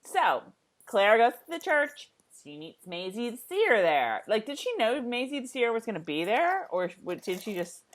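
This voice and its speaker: A woman's voice: a little high, sing-song, moderate pace. A woman co-hosting a casual chat who giggles often, uses lots of fillers and acts out scenes in playful voices. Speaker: podcast co-host.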